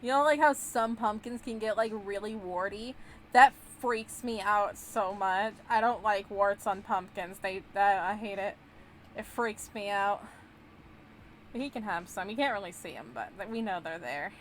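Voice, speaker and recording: A woman's voice: mid-range voice, normal speed, slight background noise. A young woman streaming a game, chatting casually in a bubbly, giggly way. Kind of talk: casual gameplay chat.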